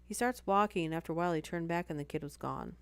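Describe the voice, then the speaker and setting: A woman's voice: on the low side, fast, clean tone, dry recording. A woman hosting a live stream, reading stories aloud and breaking off for chatty asides and apologies.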